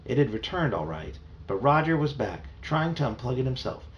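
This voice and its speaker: A man's voice: mid-range voice, big pitch swings, moderate pace. A man reading a children's novel aloud in a plain storytelling manner, with a few small slips. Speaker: reader. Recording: muffled home recording, faint hiss.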